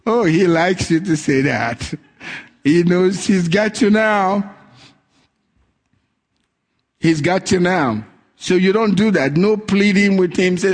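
A male pastor delivering a sermon in a somewhat high voice. He tells stories with energy and acts out the voices of the characters. His delivery is lively and direct, pitched to a congregation. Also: slow, long pauses. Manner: animated storytelling, acting out quoted voices.

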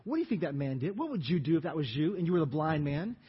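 High, husky preaching man from Louisiana. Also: quick pace. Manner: animated, asks the congregation questions. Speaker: pastor. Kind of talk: sermon. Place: church sanctuary. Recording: dull audio, long hall reverb.

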